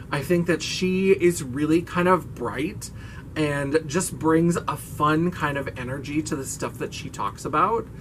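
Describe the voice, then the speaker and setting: Male beauty vlogger, slightly high voice, chatty and expressive, casual to camera. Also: slight background noise. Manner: casual swearing. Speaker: beauty YouTuber. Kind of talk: casual chat.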